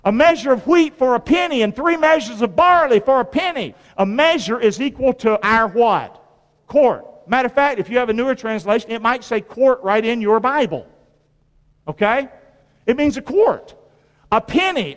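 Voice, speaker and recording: A man's voice: extremely high pitch, animated, normal speed. A male preacher delivering a colloquial sermon, quizzing his congregation with call-and-response questions and repeating phrases for emphasis. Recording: long reverb of a large hall.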